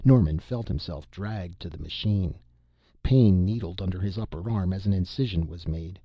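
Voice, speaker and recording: Male narrator for steady storybook reading; very deep voice, dull, muffled, dry recording. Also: normal speed, breathy edge, no room sound. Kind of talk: audiobook narration.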